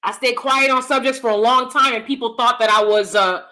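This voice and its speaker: A loud, animated woman hosting a casual livestream commentary and talking straight to her viewers. Her voice is bright and forceful, with a lively, hyped-up delivery. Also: a little high, a little fast. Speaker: YouTube commentary host.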